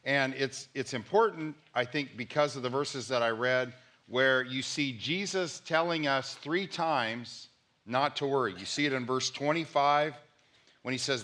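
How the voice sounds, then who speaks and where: A man's voice: mid-range voice, a little slow, pushed and bright. A man, a pastor, preaching a conversational sermon and repeating key points for emphasis.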